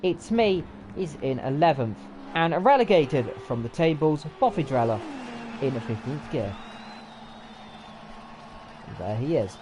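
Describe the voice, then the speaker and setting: A man calls a sim race live, chatty and often unsure, stopping to correct himself. Game car engines roar loudly behind his voice. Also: on the high side, lively intonation, moderate pace, background noise. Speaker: race commentator. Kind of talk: live sim racing commentary. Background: racing game car engines.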